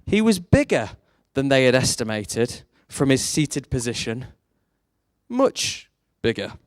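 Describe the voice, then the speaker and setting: A man preaching a sermon, telling a story and leaning on rhetorical questions, his voice jumping up high for emphasis. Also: takes it slowly, dry recording, studio quality. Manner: storytelling, animated, rises sharply for emphasis.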